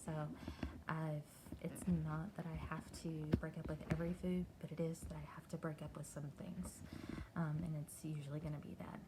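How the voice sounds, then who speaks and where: A middle-aged woman from Texas, talking candidly and haltingly in a personal video diary. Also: low-pitched, level tone, heavy background noise. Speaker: vlogger.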